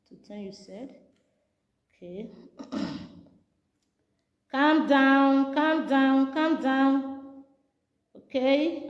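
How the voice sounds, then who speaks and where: A woman's voice: mid-range voice, roomy sound, long reverb tail, dull audio. A Nigerian woman vlogger doing a comic skit monologue in a mock-soothing tone, repeating herself often.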